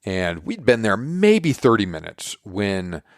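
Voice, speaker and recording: A man's voice: on the low side, huge pitch swings, takes it slowly, no echo, clean studio sound. A man hosting a podcast, casually recapping a story and acting out quoted dialogue. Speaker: podcast host.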